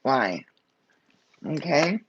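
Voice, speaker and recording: A woman's voice: sits low, very animated, very slow, highs cut off, noisy background. A woman giving a live tarot reading, blunt and fired up, swearing freely as she talks. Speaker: tarot reader.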